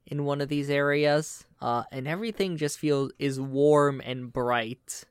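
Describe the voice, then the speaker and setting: A man narrating a tabletop role-playing game as game master, relaxed and full of fillers. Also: a little high, measured pace, clean tone, dry recording, clean studio sound.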